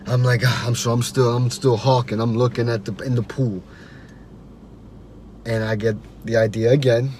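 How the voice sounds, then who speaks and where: A man's voice: mid-range voice, level tone, normal speed, pauses often, noisy background. A man hosting a podcast, telling a story in a loose, slangy, profane way. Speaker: podcast host. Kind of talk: casual storytelling.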